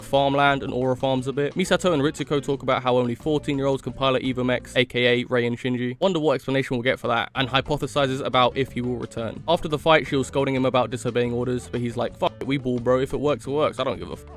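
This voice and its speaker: A man rattles through a comedic voice-over recap at a brisk clip, full of cursing and slang wisecracks. His voice sits mid-range for a man, and faint music plays underneath. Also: medium pitch, a bit bright. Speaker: recap narrator.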